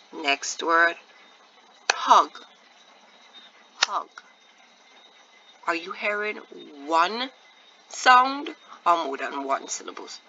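A woman teacher giving a patient phonics lesson to young children, repeating words slowly and asking encouraging questions. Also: fairly low pitch, gravelly, bright, forceful tone, highs cut off, a little hiss or hum. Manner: drawn-out, deliberate word repetition with encouraging questions.

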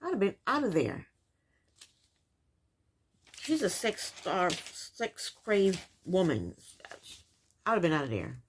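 A woman's voice: fairly low pitch, huge pitch swings, slow pace, long pauses, a little hiss or hum. A woman casually recapping a reality TV episode, with incredulous, opinionated commentary and rhetorical questions.

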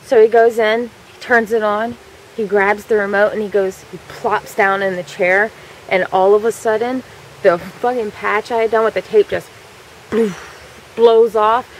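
A woman's voice: medium pitch, steady tone, a little slow, a little hiss or hum, low-quality recording. Chatty woman telling a story, full of fillers. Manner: chatty, frequent fillers, swears freely. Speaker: vlogger. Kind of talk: casual storytelling.

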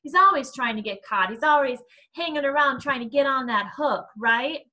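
A woman's voice: sits high, moderate pace, bright, forceful tone, voice pushed up. A woman reading aloud, voicing a mocking teenage boy bully in a storybook. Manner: mocking, jeering.

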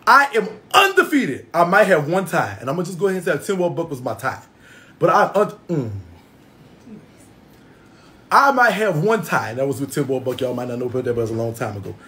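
A man's voice: fairly high pitch, big pitch swings, fairly quick, bright, forceful tone. A man ranting a brash, boastful comedic roast, swearing constantly and laughing often. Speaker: internet personality doing a roast. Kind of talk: profane comedic roast rant.

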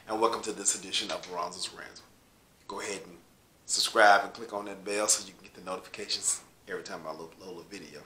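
A man from Los Angeles hosting his own rant show, swearing heavily and getting louder and higher as he heats up. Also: steady tone, fast, roomy sound. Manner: swearing, heated, louder and higher when riled. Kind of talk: profane ranting monologue.

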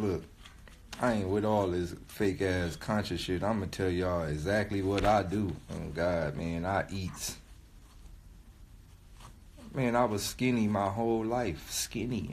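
A man who raps, talking into his phone on a livestream in a rambling, profane rant that repeats itself for emphasis. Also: on the low side. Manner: repetitive, emphatic, swears often. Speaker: rapper livestreaming to followers. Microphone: phone mic on a live stream.

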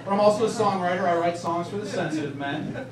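A man's voice: sits high, quick pace, recorded from a distance, crowd noise, lightly acted. A man playing a sappy male rapper for sensitive men, coaxing and half-singing. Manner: earnest, coaxing, half-sung rap. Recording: echoey club, loud background noise.

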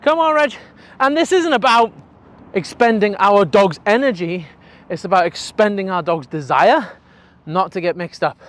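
A young man, a dog trainer explaining his work in an energetic, chatty way with casual swearing. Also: high voice, normal speed.

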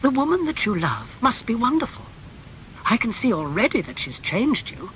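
A man reading aloud, voicing an earnest gentleman painter who is anxious and kind in a storybook. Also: extremely high pitch, huge pitch swings, moderate pace, voice pushed up, exaggerated voice. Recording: slightly muffled with faint hum.

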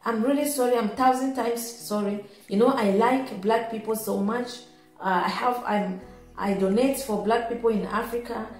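A woman voicing a rude male shopkeeper who shouts and repeats himself. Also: a little high, steady tone, moderate pace, lightly acted. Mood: apologetic. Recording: echoey room with faint music.

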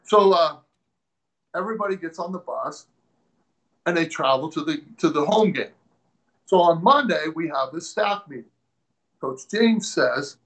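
Animated man telling coaching stories. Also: a little high, a little slow, pauses often, poor audio. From Tacoma, Washington. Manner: animated storyteller, acts out quoted people. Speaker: guest, former strength coach. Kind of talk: casual storytelling interview.

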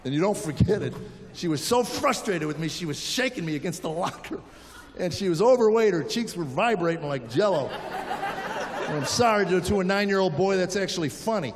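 A man in his fifties performing a stand-up comedy routine, telling animated stories and acting out the people in them. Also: high voice, moderate pace. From United States. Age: 50s. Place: stage in a large venue. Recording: live show in a big hall, audience and room noise behind. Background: audience laughing and applauding.

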